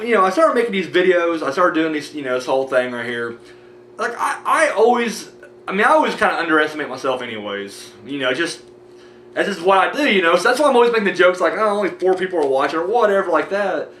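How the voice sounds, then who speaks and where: A man's voice: a little high, fairly bright tone, reverberant, a little hiss or hum. An American man rambling casually with many fillers while thanking his viewers in a vlog. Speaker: movie review vlogger.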